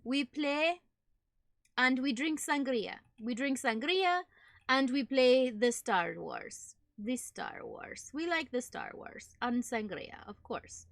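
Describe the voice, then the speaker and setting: Lady putting on a slow jokey fake german accent, bright voice, choppy broken english, dry close sound. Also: high-pitched, expressive, gravelly, dry recording, exaggerated voice. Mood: deadpan playful. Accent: put-on German. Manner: clipped broken grammar, drops articles. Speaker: streamer. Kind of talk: playful put-on voice while streaming.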